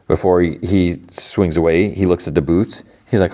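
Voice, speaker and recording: A man's voice: deep voice, fairly even intonation, brisk, few pauses, dark tone. A man hosting a podcast, casually recapping a cartoon episode in a loose, rambling way. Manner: rambling, lots of "like" and restarts. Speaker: podcast host.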